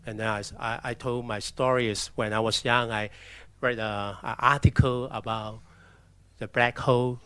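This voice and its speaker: A man from China, telling his personal story as a missionary in a halting way, often restarting his sentences. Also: mid-range voice, little pitch movement, a bit bright, clear, resonant tone. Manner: halting, with restarts and acted-out quotes. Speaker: missionary speaker. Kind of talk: personal testimony talk with slides.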